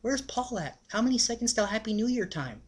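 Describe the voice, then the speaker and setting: A dazed, befuddled young man, as a storyteller puts him on, with a voice pitched well above the teller's own. He drags out his muddled questions slowly and a little loudly. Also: lively intonation, slightly rough. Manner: bewildered, drawn-out questions. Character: dazed, confused young man, high and slow.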